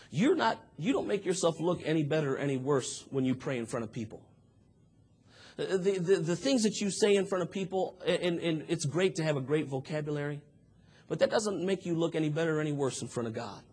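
A man preaching a sermon, moving from quiet talk to shouted fervor and acting out prayers and voices as he tells the story. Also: a little high, slightly rough. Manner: acts out prayers and dialogue in the telling.

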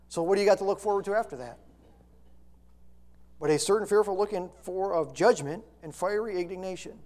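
A man's voice: sits high, darkish tone. A middle-aged man preaching a sermon, reading scripture and then pressing his points with rising intensity.

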